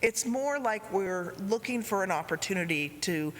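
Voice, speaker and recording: A woman preaching a sermon, retelling a story in a gentle way, with quoted lines spoken softly. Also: mid-range voice, lively intonation, normal speed, slight background noise. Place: church sanctuary. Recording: reverberant church hall.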